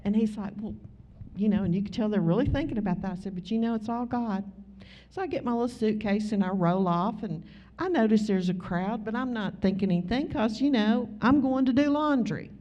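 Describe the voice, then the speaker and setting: A woman with a Southern US accent, preaching a sermon in a folksy, conversational way with drawn-out emphasis. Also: medium pitch, dark tone. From Southern United States. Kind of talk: sermon with storytelling. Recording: slightly muffled recording.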